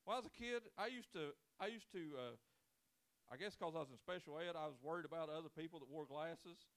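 A man's voice: a little high, a little fast, fairly bright tone. A man in his forties, a pastor preaching a sermon with folksy, joking storytelling and casual grammar. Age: 40s.

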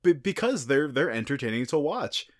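A man's voice: mid-range voice, normal speed, no room sound, clean studio sound. A man with a stuffy nose co-hosting a podcast, chatting casually and animatedly about films. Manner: animated, laughs often, frequent "like". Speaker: podcast co-host.

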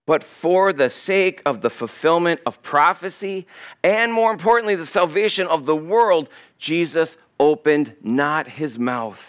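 A male pastor preaching a sermon, swinging between loud emphasis and hushed asides. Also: fairly high pitch, unhurried, clean tone.

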